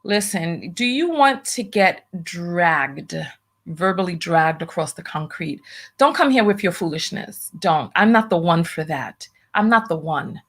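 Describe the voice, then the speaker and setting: A woman's voice: fairly low pitch, expressive, a little slow, a bit bright. Blunt, emphatic woman commentator. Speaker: host of a commentary channel. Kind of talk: livestream commentary, reading viewer donations.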